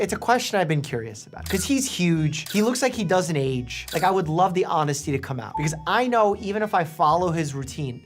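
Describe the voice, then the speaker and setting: A man who is a doctor, casually reacting to medical memes with jokes, quick asides and frequent laughs. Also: fairly high pitch. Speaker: doctor and YouTuber. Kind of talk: casual meme reaction commentary.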